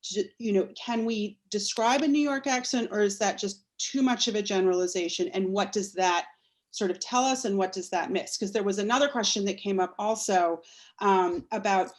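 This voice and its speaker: A woman's voice: mid-range voice, normal speed. A woman moderating an online panel who asks careful, hedging questions from the chat.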